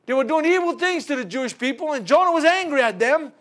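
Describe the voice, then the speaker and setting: A man's voice: very high voice, quick pace. A man preaching a sermon, retelling a Bible story with laughter, stumbles and repeated words. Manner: animated storytelling with laughs and repetitions.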